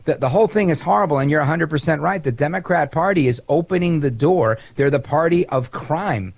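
A man hosts a political talk show with energetic, sarcastic flair, and a playful edge runs through his delivery. His voice sits a touch high, recorded close and dry. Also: a little fast, dry recording. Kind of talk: talk radio/podcast monologue.

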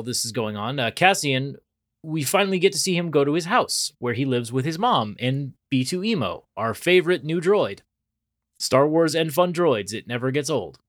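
A man's voice: on the high side, fairly bright tone, no echo, studio quality. A man co-hosting a podcast, recapping an episode in casual chat and acting out characters' lines as he goes. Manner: chatty, acts out quoted lines. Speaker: podcast co-host.

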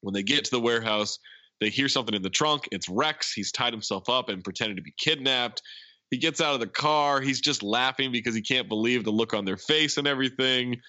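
A man's voice: medium pitch, fairly quick, sharp tone, dry recording, lo-fi sound. A man hosting a podcast, casually recapping a film as a chatty storyteller who acts out the lines. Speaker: podcast host.

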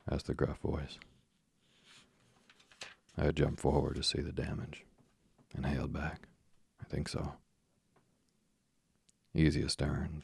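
A man with a deep gravelly voice, reading a story aloud slowly and softly for sleep. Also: dry recording, studio quality. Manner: soft, even, unhurried delivery. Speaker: narrator.

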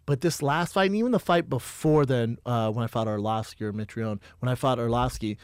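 A man's voice: mid-range voice, a little fast, darkish tone, clean tone, no echo, studio quality. A middle-aged man chatting casually as a podcast guest, telling stories and acting out the dialogue. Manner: storytelling, acts out quoted dialogue, says "man" often. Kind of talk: casual chat.

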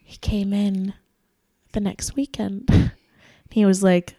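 A woman's voice: medium pitch, slow. A young woman in her twenties telling a story in casual chat, laughing often and acting out the lines of the people in it. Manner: animated storyteller, laughs often, acts out quotes.

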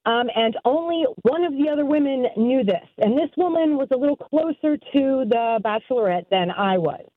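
A woman from Tennessee calling in, telling a story in a rueful, rushed way. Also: high voice, animated, no room sound. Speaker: caller. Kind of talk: casual storytelling. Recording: thin phone line.

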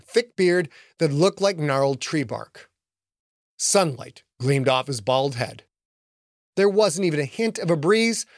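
A man narrating an action audiobook in an expressive storytelling manner. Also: on the high side, no room sound, clean studio sound.

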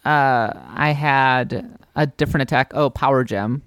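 Clear-voiced man hosting a podcast. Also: mid-range voice, unhurried, dry recording, studio quality. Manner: relaxed, hesitant with frequent fillers. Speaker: podcast co-host. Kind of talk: casual podcast chat.

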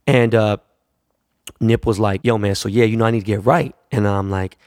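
A man's voice: on the low side, fairly even intonation, moderate pace, a little mellow, no room sound, studio quality. A man, a jeweler, telling a long casual anecdote in a profane, rambling way, acting out the people he quotes. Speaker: jeweler and store owner.

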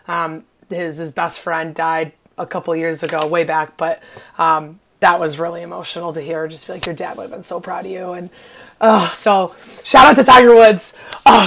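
Gushing young woman podcast host. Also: fairly low pitch. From Illinois. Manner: excitable, gushing, heavy on "like" fillers. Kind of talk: casual podcast chat.

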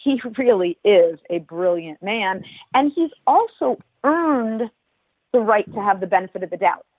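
Measured woman guest on a tinny line. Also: mid-range voice, expressive, slightly rough, no echo. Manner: measured, emphatic, precise wording. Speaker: guest, former football team executive. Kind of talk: podcast conversation.

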